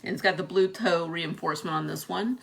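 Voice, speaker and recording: Young female vlogger, somewhat low pitch, bright forceful tone, chatty and quick to laugh. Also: vocal fry. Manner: chatty, laughs often between remarks. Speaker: vlogger reviewing a product. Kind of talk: casual unboxing chat.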